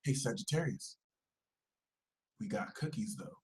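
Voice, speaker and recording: A man voicing a sly tempter from the dark side who speaks in a low, hushed, smooth voice. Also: brisk, echoey room, lightly acted.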